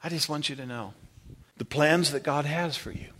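A man preaching a sermon, retelling scripture with animated storytelling and questions to the congregation. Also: a little high, moderate pace. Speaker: pastor.

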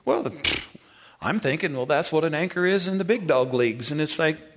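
A man preaching a sermon with a slightly raised voice, folksy and rambling as he tells stories. He acts out conversations with sudden high, excited outbursts, then drops low to make his point. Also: normal speed. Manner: animated storyteller, acts out dialogue in a high excited voice. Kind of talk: sermon with storytelling.

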